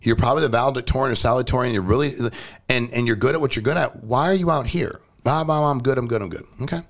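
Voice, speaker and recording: A man in casual conversation as a podcast guest, blunt and direct, telling stories and pushing his point hard. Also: very fast. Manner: blunt, animated, jumps pitch for emphasis. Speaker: company CEO, podcast guest. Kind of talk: casual storytelling chat.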